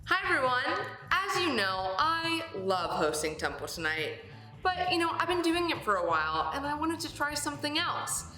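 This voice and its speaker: Bright-voiced young woman in an echoey room. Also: high-pitched, big pitch swings, normal speed. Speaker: show host. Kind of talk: comedy sketch. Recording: echoey room, faint music behind.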